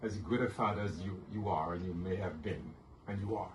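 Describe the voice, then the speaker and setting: A man's voice: sits low, brisk. A man moderating an interview, asking questions and encouraging his guest with frequent affirming murmurs. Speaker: host and moderator. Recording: roomy, distant mic with noise.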